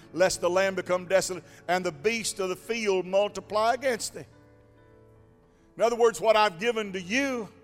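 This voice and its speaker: A man with a high voice delivers a sermon in a church with a long echo. Faint organ music plays behind him. He swings between near-whispered passages and ringing, shouted calls. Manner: builds from quiet to shouting, sing-song preaching cadence. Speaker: preacher. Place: church sanctuary.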